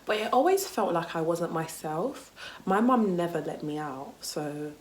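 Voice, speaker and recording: A woman's voice: lowish voice, lively intonation, unhurried, slight background noise. A young woman vlogging a casual story time, candid and chatty, with lots of "like" and "you know" and some swearing. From United Kingdom.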